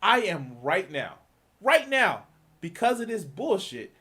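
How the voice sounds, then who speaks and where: A man rants on a live stream, heated and profane, circling back on his own words as he builds up steam. His voice sits a touch high and swings widely up and down as he presses each point. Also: big pitch swings, a little slow, fairly bright tone, husky. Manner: heated, swearing, repeats himself, mocking quoted voices. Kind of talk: profane political rant.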